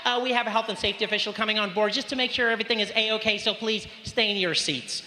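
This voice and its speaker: Male comic doing a breezy high-voiced stewardess making cabin announcements, live room. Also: fast, pushed and bright. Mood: bossy. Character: female airline flight attendant, chirpy and official. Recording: roomy live venue with audience noise.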